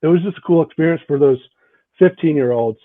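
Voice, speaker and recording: A man's voice: on the high side, a little fast, no echo. A man being interviewed as a guest hockey coach, talking earnestly and often tagging his points with "right? like". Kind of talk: conversational interview answers. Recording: tinny phone-like line, dry.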